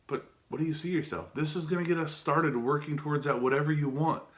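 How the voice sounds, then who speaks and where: A self-help vlogger gives his viewers an earnest, casual motivational talk in a slightly high voice, speaking fast. He often restarts and asks them direct questions.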